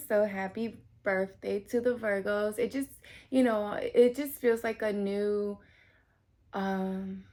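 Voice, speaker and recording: Chatty gravelly-voiced woman in her thirties. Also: mid-range voice, darkish tone. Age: 30s. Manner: chatty, lots of fillers, swears casually. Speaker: tarot reader. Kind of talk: casual tarot reading to camera.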